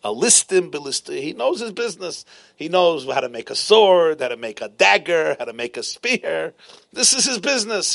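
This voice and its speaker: A man teaching a Talmud lesson as an animated storyteller, driving points home through repetition. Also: on the high side, vocal fry, dry recording. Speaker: Torah teacher.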